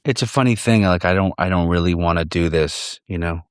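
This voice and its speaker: A man as podcast guest in casual chat, rambling and halting with frequent restarts and some swearing. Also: low-pitched, clean tone, dry recording, studio quality.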